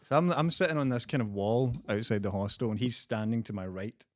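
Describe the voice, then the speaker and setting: A man's voice: medium pitch, brisk, no echo. A young man, a comedian guest, telling a story in casual podcast chat, laughing, swearing and acting out the people he quotes.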